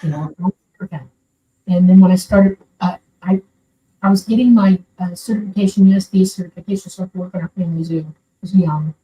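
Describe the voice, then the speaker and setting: Quick-paced and warm, her medium-pitched voice holds fairly even intonation. She's an older woman from Florida calling in to tell a personal story, earnest and rambling in a casual way, heard through a distant mic with faint background noise.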